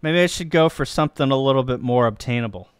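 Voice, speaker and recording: A man from Missouri, a ham radio operator, chatting casually and joking on a live stream while he works the radio and thinks out loud. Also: mid-range voice, fast talker, clean tone, no echo, clean studio sound. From Missouri, USA.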